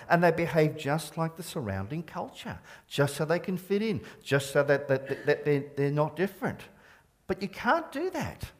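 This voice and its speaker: Animated, earnest middle-aged male preacher. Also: a little high, normal speed. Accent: Australian with a trace of Scottish. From Scotland. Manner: earnest and emphatic, with stammered restarts. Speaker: pastor. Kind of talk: sermon.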